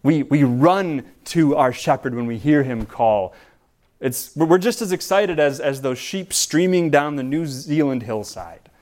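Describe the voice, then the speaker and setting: A man preaching a sermon as pastor, in a relaxed, conversational way with frequent restarts and repeated words. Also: a little high, unhurried.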